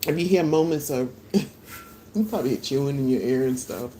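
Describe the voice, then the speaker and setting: A middle-aged woman chatting casually and live with her viewers from her porch, relaxed and quick to laugh, eating as she talks. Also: a bass voice, a little hiss or hum.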